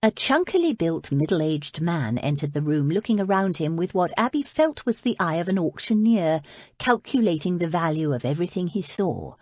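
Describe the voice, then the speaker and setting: A woman narrating an audiobook with expressive storytelling. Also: on the low side, moderate pace, no echo. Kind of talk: scripted narration.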